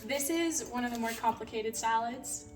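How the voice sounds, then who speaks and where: Woman, guest cook, higher voice, bubbly, gushing, home kitchen, music behind. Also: moderate pace, recorded from a distance. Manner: bubbly, gushing about food. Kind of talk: cooking demonstration chat.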